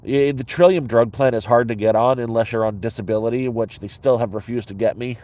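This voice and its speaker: A man's voice: mid-range voice, a little fast, mellow. A man vlogging from inside his sleeping bag, telling a story in a blunt, profane, rambling way with many restarts. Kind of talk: casual rambling storytelling to camera.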